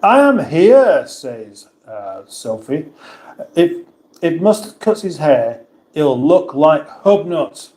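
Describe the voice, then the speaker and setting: A man from England chats casually on a livestream, reading out viewer comments and poking fun at himself. His voice sits a little high for a man, and the room around him is echoey. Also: lively intonation, slow pace, mellow. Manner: chatty, self-mocking, reads comments aloud. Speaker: livestream host reading chat.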